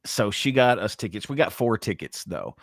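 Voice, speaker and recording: A man's voice: lowish voice, sing-song, moderate pace, no echo, studio quality. A middle-aged man, co-hosting a podcast in casual chat, rambling with many fillers and restarts. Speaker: podcast co-host.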